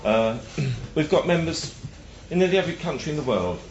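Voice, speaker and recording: A man representing a charity, giving a measured speech at a live event, with frequent ums and uhs. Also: fairly high pitch, expressive, echoey room, muffled recording.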